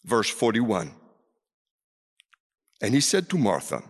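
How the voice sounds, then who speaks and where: A man preaching a sermon in a large hall, dramatic, swinging from loud calls down to near whispers. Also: lowish voice, big pitch swings, moderate pace, pauses often. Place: large hall with a seated audience. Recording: reverberant hall.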